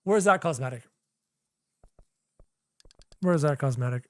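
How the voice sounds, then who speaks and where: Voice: mid-range voice, unhurried, a little mellow, no room sound, studio quality. A young adult game streamer doing live gameplay commentary, chatty, talking to chat and repeating phrases while figuring things out.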